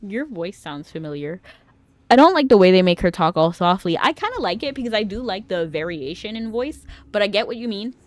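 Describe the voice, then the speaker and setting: A woman's voice: mid-range voice, big pitch swings, a little fast, no echo. A young adult woman streaming a game, chatting casually, often giggling and rambling between read-out dialogue.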